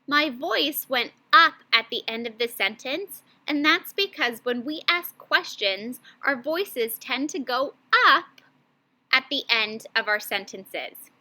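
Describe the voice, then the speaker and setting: Bright, high-voiced woman teacher. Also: animated. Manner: slow, clearly paced modeling of read-aloud. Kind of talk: online reading lesson for children.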